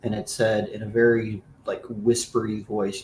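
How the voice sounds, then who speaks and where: A man's voice: lowish voice, little pitch movement, moderate pace, few pauses, a little mellow, reverberant, slight background noise, poor audio. A man narrating a tabletop game as game master, loose and full of fillers.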